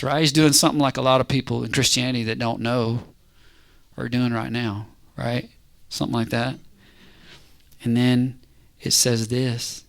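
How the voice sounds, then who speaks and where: A man preaching a casual, conversational sermon, animated and constantly checking in with his listeners. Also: mid-range voice, normal speed, creaky, pauses often. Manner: animated, conversational, keeps asking "right?".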